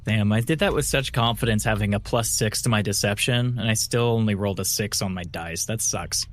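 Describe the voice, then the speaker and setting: A man's voice: on the low side, fairly quick, soft background music. A man playing a tabletop game who jokes about his own bad rolls. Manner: joking, self-mocking. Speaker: player. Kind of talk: casual tabletop play.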